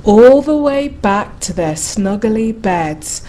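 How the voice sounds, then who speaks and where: A woman reading a rhyming bedtime picture book aloud in a slow, rhythmic way. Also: medium pitch, expressive, warm tone. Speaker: narrator.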